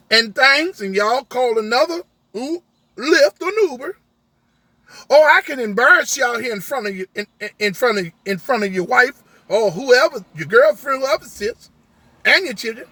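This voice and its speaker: A man's voice: very high-pitched, bright, forceful tone, no room sound. A man, a rideshare driver, telling a story as an emphatic rant, acting out an argument through many quoted lines.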